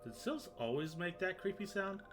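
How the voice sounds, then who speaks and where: A man's voice: sits high, lively intonation, moderate pace, over music. A man streaming a video game, recapping and joking in casual, rambling, sometimes profane commentary.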